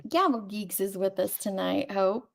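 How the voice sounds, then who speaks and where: Gravelly chatty woman host. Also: medium pitch, unhurried. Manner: chatty, laughing often. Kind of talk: casual commentary chat.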